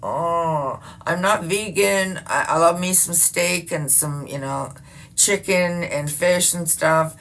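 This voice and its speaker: A woman's voice: lowish voice, slow, vocal fry, a bit bright. A woman in her fifties chatting casually to her viewers, swearing freely and laughing often. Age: 50s. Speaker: vlogger. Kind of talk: casual rambling chat.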